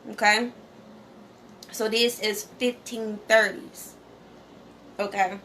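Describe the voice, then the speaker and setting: A woman's voice: mid-range voice, level tone, takes it slowly, bright, forceful tone, slight background noise. A woman hosting a casual educational vlog. She talks conversationally, often checks in with "okay?", and reads source text aloud while stumbling over some pronunciations. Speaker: channel host.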